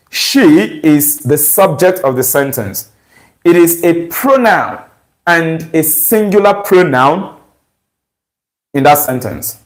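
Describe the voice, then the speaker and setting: A man's voice: fairly high pitch, poor audio. A man teaching English grammar, walking through exam questions and checking with rhetorical questions. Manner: slow, deliberate, asks rhetorical checks.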